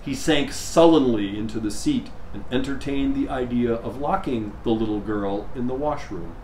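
A male priest giving a sermon, telling a story in an unhurried way with measured pauses. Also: mid-range voice, a little mellow. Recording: echoey room, faint background noise.

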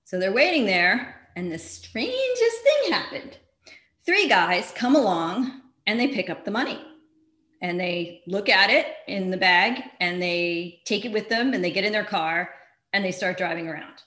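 A woman's voice: mid-range voice, expressive, measured pace, sharp tone. A woman author giving a casual library talk, retelling a true-crime case in a chatty way with wry asides and lots of fillers. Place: library event room. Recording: echoey room.

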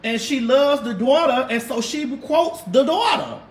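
A woman's voice: high-pitched, animated, measured pace. A woman hosting a casual livestream and chatting with viewers in a brash, sassy, drawling way, with lots of cussing. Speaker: livestream host. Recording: roomy echo.

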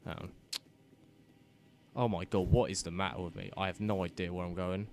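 A young man, giving flustered, self-mocking let's-play commentary with sudden loud outbursts and muttered swearing. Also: low-pitched, fairly even intonation, moderate pace, creaky, a little hiss or hum. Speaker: gaming commentator.

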